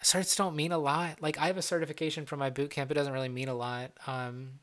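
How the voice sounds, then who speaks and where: A young man from Ohio with a Midwestern accent and a light Southern twang, chatting loosely on a live stream. His voice sits a bit high for a man, and he jokes and teases as he answers questions. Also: level tone, a little fast, fairly bright tone. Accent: Midwestern American with a slight Southern twang. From Ohio, USA. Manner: joking, loose, playful teasing. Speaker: livestream host.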